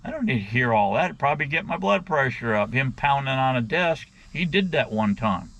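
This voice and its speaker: A middle-aged man vents on his vlog in a blunt, crude way, talking straight to his viewers. His voice sits at an ordinary middle pitch. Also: sing-song, a little fast, gravelly, a bit bright. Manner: blunt, crude, keeps addressing "guys". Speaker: vlogger. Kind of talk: casual rant to camera.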